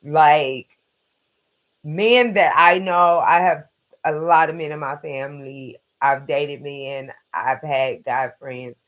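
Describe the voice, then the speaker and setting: A man's voice: fairly high pitch, steady tone, slow pace, fairly bright tone. A man hosting a casual late-night live stream, rambling bluntly and profanely through his opinions.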